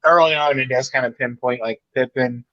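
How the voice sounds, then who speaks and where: A man's voice: medium pitch, steady tone, fairly quick. A man chatting casually on a live stream, giving his opinions in long, rambling sentences. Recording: dull, muffled call audio.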